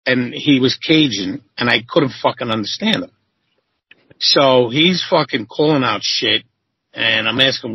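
A man guest on an interview show, telling animated, profane stories and acting out quotes in a high voice. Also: unhurried, vocal fry, slightly rough, dry recording, highs cut off. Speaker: interview guest, former chef. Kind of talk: casual storytelling.

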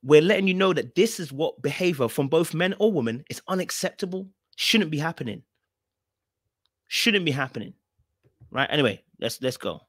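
In this live-stream commentary, a male podcast host reacts to a clip, addressing chat directly and circling back to the same phrases. He puts on high, overdone voices to mock people. The dry, studio-quality recording carries his lively intonation at a moderate pace.

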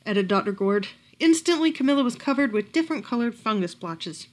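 A woman reading a picture book aloud at a library storytime, expressive and lively. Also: a little high, brisk, few pauses.

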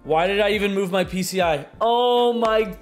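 A young man giving excitable live commentary on his own video game play, muttering one moment and shouting the next. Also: sits high, normal speed, faint music behind. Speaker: gaming streamer.

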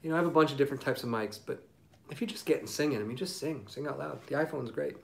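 Male musician host, casual livestream chat, rambling and easygoing, mid-pitched voice, phone mic. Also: fast talker, vocal fry. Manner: relaxed, rambling, with many ums and asides. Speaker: singer-songwriter hosting a livestream.

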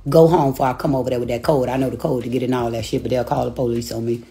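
With soft music in the background, a woman with a bass voice and dark tone rants at a quick pace. She's livestreaming by phone from a rented house, laughing between profane, taunting insults.

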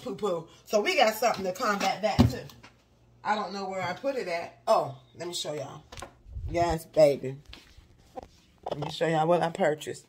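Young woman vlogging at home, chatty and animated, lowish voice, talks right to her viewers. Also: normal speed, noisy background. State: out of breath in places. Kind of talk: casual home vlog. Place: home, indoors.

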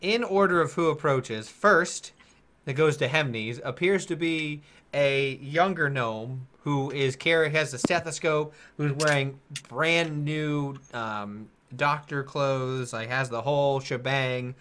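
A man's voice: mid-range voice, slow, a bit bright. A man narrating a tabletop role-playing game as game master in a loose, joking way, with many fillers.

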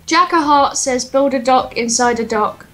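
A woman's voice: high-pitched, measured pace, a bit bright, faint music behind. A woman from England with an English accent, co-hosting a casual let's-play in a dry, teasing, sarcastic way. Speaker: co-host.

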